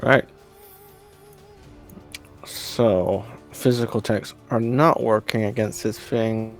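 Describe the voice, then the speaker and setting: Gravelly low-voiced gaming man. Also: fairly even intonation, faint music behind. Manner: thinking aloud, unhurried. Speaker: player. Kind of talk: playing a tabletop game.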